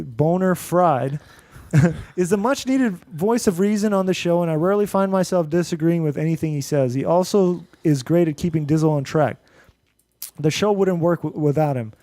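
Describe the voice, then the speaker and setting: Podcast host, man, mixed Indian-American accent, high voice, loose rambling delivery with laughs. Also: normal speed, warm tone, no room sound. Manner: rambling, laughs often, restarts and fillers. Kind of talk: casual podcast chat, reading listener reviews.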